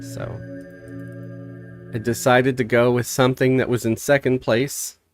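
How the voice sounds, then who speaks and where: Slow-talking stuffy man streaming a game. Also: medium pitch, no room sound. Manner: relaxed, rambling, reads chat aloud. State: stuffy from a cold. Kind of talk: casual live-stream game chat.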